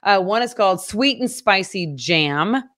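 A woman's voice: mid-range voice, expressive, a little slow, fairly bright tone. Chatty woman reading local news. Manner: chatty, upbeat, reads stories then riffs. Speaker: local news podcast co-host. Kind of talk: casual news chat and reading headlines.

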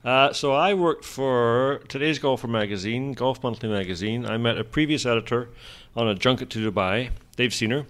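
A man's voice: mid-range voice, normal speed, a bit bright. Dry-humored man. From Scotland. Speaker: golf journalist guest. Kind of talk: casual interview chat.

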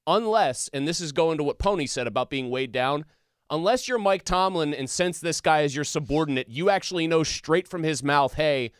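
A man's voice: on the high side, expressive, a little fast, smooth, no room sound, studio quality. A man co-hosting a casual sports talk show, blunt and sarcastic in his opinions. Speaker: sports podcast co-host.

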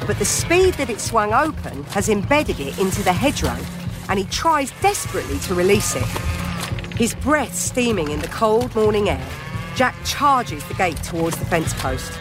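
A narrator telling a children's audio story with an expressive delivery and chatty asides to the listener. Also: medium pitch, normal speed, music in the background.

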